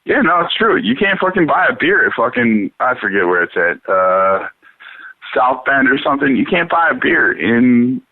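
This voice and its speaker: A man hosting a talk show in loose, profane casual chat, rambling and animated. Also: mid-range voice, normal speed, no room sound. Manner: rambling, swears a lot, animated. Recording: dry, phone-like radio sound.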